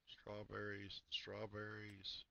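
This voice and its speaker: A man streaming a farming game, talking casually through his in-game choices with halting restarts. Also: fairly low pitch, completely flat delivery, vocal fry, bright, forceful tone, lo-fi sound, a little hiss or hum. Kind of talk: casual gameplay chat.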